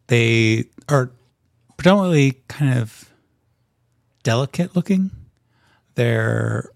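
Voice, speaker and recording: A male game master narrating a tabletop game, describing scenes unhurriedly with many ums. His voice has a gravelly edge. The recording is dry and close. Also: mid-range voice, a little mellow, no room sound.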